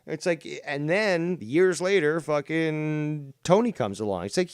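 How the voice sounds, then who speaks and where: A man's voice: fairly high pitch, unhurried, few pauses, clear, resonant tone, no echo. A man hosting a casual podcast, ranting in a crude, sarcastic way. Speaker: podcast host.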